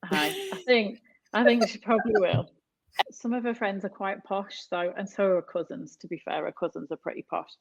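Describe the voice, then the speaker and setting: A woman's voice: medium pitch, animated, normal speed, vocal fry, breathy edge, low-quality recording. A woman in her thirties from North West England, a podcast guest chatting casually and laughing often as she retells stories. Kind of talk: casual chat.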